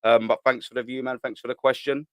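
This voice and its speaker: A man's voice: medium pitch, flat delivery, fast, clear, resonant tone, no echo, highs cut off. A man hosting a live morning fan stream, chatting casually, using slang and often repeating and restarting his words. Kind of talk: casual live-stream chat reading viewer comments.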